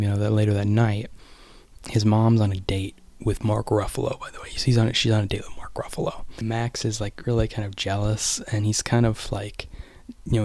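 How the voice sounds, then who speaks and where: A man's voice: on the low side, no echo. A man casually rambling through a film retelling, full of "you know" and "like".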